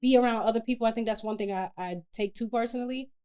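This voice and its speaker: A woman's voice: on the high side, quick pace, clean tone. A woman spoken word poet, a guest on an interview show, talking candidly and colloquially about her work. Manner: candid, colloquial, expressive storyteller. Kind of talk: casual interview chat.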